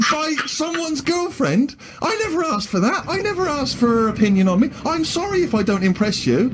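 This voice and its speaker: A man with an animated delivery, telling a comic story on a podcast and acting out the quotes. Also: high-pitched, a little fast. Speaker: co-host. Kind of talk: anecdote in a comedy podcast. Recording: background noise.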